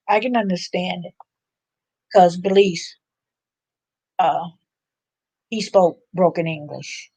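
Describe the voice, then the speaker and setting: A woman's voice: fairly low pitch, no room sound. Laid-back woman hosting a live chat. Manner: chatty, laughs often, loose and unhurried. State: a little drained. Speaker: livestream host. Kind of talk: casual live chat with viewers.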